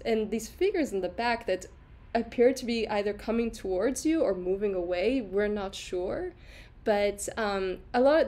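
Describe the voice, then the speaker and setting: A woman's voice: mid-range voice, darkish tone. A woman hosting a casual livestream lecture on art, chatty, with frequent laughs and fillers, answering viewer comments as she goes. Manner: chatty, laughs often, many fillers and restarts. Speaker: host giving an art lecture.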